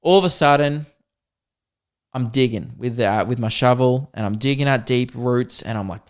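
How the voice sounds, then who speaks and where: A man hosts a podcast and spins a comedic story. He talks in an animated, swearing, mock-dramatic way. His voice sits at a middle pitch. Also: a little fast, smooth. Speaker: podcast host.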